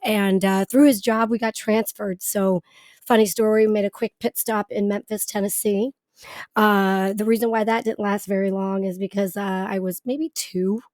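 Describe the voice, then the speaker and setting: A woman's voice: mid-range voice, steady tone, moderate pace, a little mellow, dry recording. Chatty woman guest in a dry studio. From eastern United States. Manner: chatty, laughs often, many fillers. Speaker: podcast guest, business founder. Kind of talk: casual storytelling.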